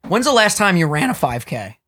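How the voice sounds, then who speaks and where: A young man hosts a loose, boozy podcast chat, bragging and cursing as he goes. His voice swings widely in pitch, with a bright, forceful edge. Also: big pitch swings, brisk. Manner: loud, swearing, boastful banter. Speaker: podcast host. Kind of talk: casual drinking chat.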